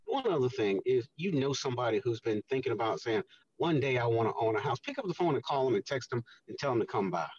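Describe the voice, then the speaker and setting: Male radio guest, husky, earnest explainer, heard from a distance on a dull line. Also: medium pitch, lively intonation, fast, darkish tone. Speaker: guest, housing redevelopment official. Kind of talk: radio interview talk.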